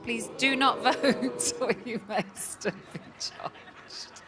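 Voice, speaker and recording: A woman's voice: a little high, slow pace. A woman hosting a live TV show, upbeat and playful as she presents. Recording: live studio with audience noise. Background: studio crowd.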